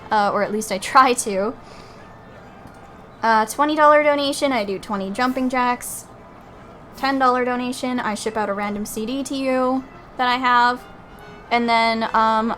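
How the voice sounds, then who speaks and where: A woman's voice: a little high, fairly bright tone, poor audio. A young woman streamer chatting casually while gaming, swearing freely and saying "like" a lot. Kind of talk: casual chat while playing a game.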